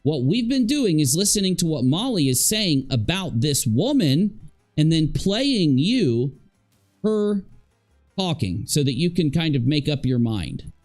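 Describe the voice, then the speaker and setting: A man's voice: on the high side, very animated, unhurried, darkish tone, faint music behind. A man hosting a live stream commentary, chatty with viewers and openly sarcastic and mocking. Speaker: streamer host.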